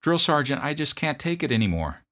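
A man voicing a tearful, homesick young army private who speaks haltingly and pleads. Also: on the high side, sing-song, sharp tone, voice pushed up. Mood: pleading.

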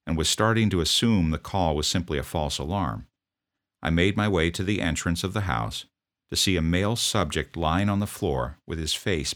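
A man narrating a first-person account of an emergency call, in a steady, measured telling. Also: a bass voice. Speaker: first responder recounting a call.

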